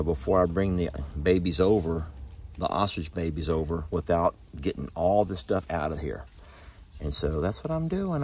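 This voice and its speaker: A man, a ranch vlogger chatting folksily to the camera outdoors in a hot pasture, sometimes hushing and sometimes cooing at his animals. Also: lowish voice, a little hiss or hum. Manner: chatty and folksy, shifts between loud and hushed, coos at animals. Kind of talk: casual vlog talk to camera.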